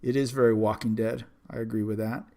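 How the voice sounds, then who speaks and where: A man's voice: lowish voice, flat delivery, fairly quick, mellow. Teasing podcast host, easygoing man. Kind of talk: casual chat.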